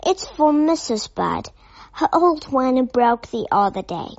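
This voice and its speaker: An earnest, polite young male bear from a storybook, speaking raised and high, as a woman reader puts him on. He explains things carefully, a little slowly. The audio is dull, with faint music behind. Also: sing-song, dry recording, exaggerated voice.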